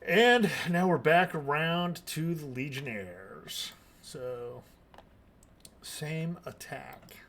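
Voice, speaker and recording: A man narrating combat as game master of a tabletop game, in a deliberate, measured way. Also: fairly high pitch, lively intonation, fairly bright tone, a little hiss or hum.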